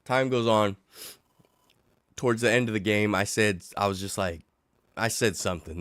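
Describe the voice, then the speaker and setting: A middle-aged man, sick and coughing, ranting in a casual livestream chat, sarcastic and animated. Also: fairly low pitch, normal speed, pauses often, smooth, dry recording. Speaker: livestream host.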